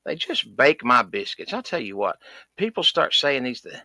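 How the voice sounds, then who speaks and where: A man's voice: medium pitch, very animated, moderate pace, bright, forceful tone, no echo, heavily acted. A man playing a cranky, folksy middle-aged duck hunter, ranting in a comedy podcast. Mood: exasperated. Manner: folksy, exasperated ranting with sighs and country grammar. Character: loud rural Southern male duck hunter, cranky, folksy. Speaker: recurring comedy character.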